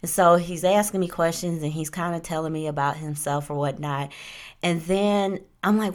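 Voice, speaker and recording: A young adult woman hosting a casual podcast who tells lively stories and acts out the quotes. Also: on the low side, moderate pace. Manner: animated, acts out quotes, talks with "like" and "right?". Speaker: podcast host. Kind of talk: casual storytelling chat.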